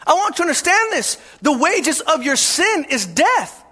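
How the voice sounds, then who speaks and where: Impassioned high-voiced male preacher. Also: very animated, unhurried. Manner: impassioned, often shouting for emphasis. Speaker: pastor. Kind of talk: sermon.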